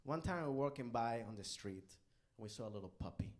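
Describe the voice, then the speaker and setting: A man doing a live stand-up comedy set on a club stage, animated and bursting into loud character voices. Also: mid-range voice, quick pace.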